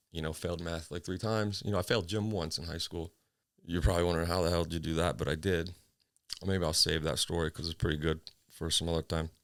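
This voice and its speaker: A deep, slightly bright voice with a clear, resonant tone comes through a dry recording with clean studio sound. The man hosts a casual solo podcast from a small home office, rambling, swearing freely, mocking himself and sounding a little short of breath.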